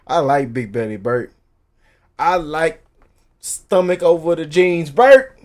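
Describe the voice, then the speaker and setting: A man giving loud, playful commentary as he reacts to a comedy clip. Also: fairly high pitch, animated, slow pace. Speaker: reaction video host.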